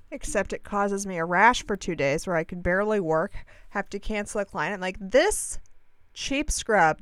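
A woman hosting her podcast, telling a rambling story in a chatty, animated way and swearing freely. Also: mid-range voice, clean tone, no echo. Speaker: podcast host. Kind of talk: casual storytelling monologue.

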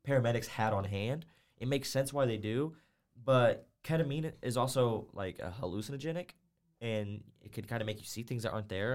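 A young man with a mid-range voice, co-hosting a relaxed podcast chat. He speaks bluntly and profanely, padding his sentences with "like". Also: mid-range voice. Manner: blunt and profane, filler-heavy, full of "like". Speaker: co-host. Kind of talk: casual podcast discussion.

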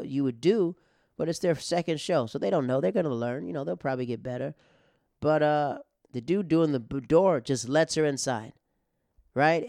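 A man's voice: medium pitch, a little mellow, no echo, clean studio sound. A male stand-up comedian telling a long story in a casual, rambling way, with restarts, acting out the other people in it.

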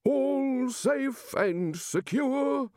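A man voicing a cheerful male gatekeeper making drawn-out, jolly ceremonial calls. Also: high-pitched, clear, resonant tone, no room sound, studio quality, voice pushed up. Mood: cheery.

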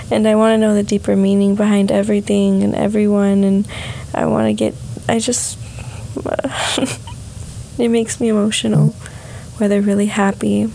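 A young woman vlogging a soft, heartfelt personal reflection on emotions. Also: mid-range voice, creaky, a little hiss or hum, poor audio.

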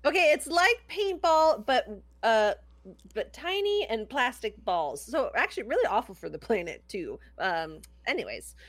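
A woman's voice: fairly high pitch, big pitch swings, normal speed, a bit bright, no room sound. A woman co-hosting a podcast in a giggly, chatty way that trails off. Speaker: podcast co-host. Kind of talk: casual chat.

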